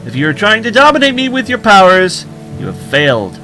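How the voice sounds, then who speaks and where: Male game hero, a player reading aloud, flat delivery, bright tone. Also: medium pitch, a little fast, faint music behind, rough recording. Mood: stern. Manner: read in a flat, tired voice.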